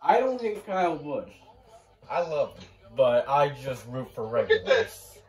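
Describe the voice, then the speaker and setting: A young man hosting a live race watch-along, shouting and cheering at the finish, then turning quiet and emotional, close to tears. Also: on the high side, very animated, unhurried. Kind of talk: live race reaction chat.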